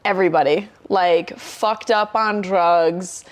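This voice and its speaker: A young woman tells a story in a casual podcast chat, animated and swearing often as she acts out her own quotes. Her voice is lowish and slow.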